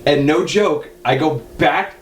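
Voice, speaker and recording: A man's voice: a little high, unhurried. A man co-hosting a podcast, telling a story in casual chat and acting out what people said. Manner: animated storyteller, acts out quotes in a raised voice. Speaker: podcast co-host. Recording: echoey room with loud background noise.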